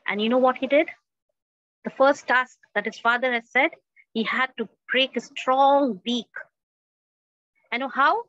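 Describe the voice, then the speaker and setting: A woman with a high voice tells a story with dramatic flair, repeating phrases and putting questions to her audience. The sound is dry and a little dull, like a lo-fi recording. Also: fairly bright tone, no echo. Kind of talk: oral storytelling at a festival. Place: indoor festival stage.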